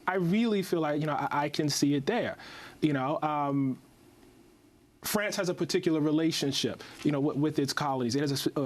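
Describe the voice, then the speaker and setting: A man in his forties answering interview questions thoughtfully, halting often with restarts and many "you know" fillers. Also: a little high. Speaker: interview guest, writer.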